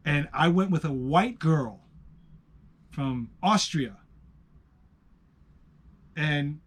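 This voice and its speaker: A man with a New York accent tells stories in casual conversation, swearing and stressing his points as he swings between loud outbursts and quiet asides. His voice sits on the higher side.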